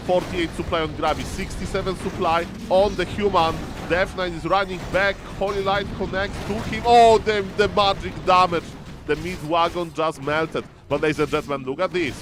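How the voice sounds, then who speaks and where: A man casting a strategy video game match, excitable and fond of repeating catchphrases to his audience. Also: high-pitched, normal speed, over music. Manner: excitable, repeats catchphrases, addresses "ladies and gentlemen". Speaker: game caster. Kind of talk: excited esports commentary.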